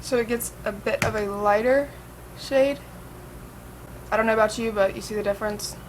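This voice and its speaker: A woman's voice: a little high, steady tone, moderate pace, a little hiss or hum, rough recording. A young woman chatting casually through a makeup tutorial, swearing and saying "like" and "um" a lot. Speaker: makeup vlogger.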